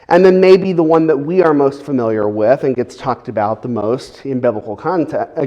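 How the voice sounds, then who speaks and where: A man's voice: on the high side, a little mellow. A man preaching a sermon who explains in a conversational way, with frequent fillers.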